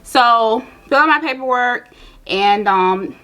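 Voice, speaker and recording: A woman's voice: fairly high pitch, slow. Chatty young woman vlogger telling a story. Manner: animated, chatty, addresses viewers directly. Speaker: beauty vlogger. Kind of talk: casual storytelling while doing makeup.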